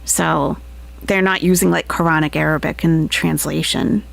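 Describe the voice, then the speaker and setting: Gravelly woman with dry, incredulous asides. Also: sits low, fairly even intonation, moderate pace. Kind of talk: casual livestream chat.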